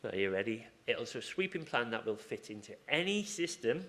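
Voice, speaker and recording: A man's voice: medium pitch, sing-song, normal speed, bright, forceful tone. A man giving an informal conference talk, chatty and rambling, breaking off into asides and restarting his sentences. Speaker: conference speaker. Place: conference room.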